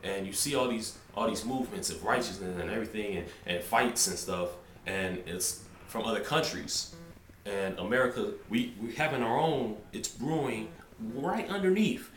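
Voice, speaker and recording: A man's voice: on the low side, moderate pace, a bit bright, reverberant, slight background noise. A man talking to camera in a rambling, emphatic way, often restarting his sentences. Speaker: vlogger. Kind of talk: casual monologue to camera.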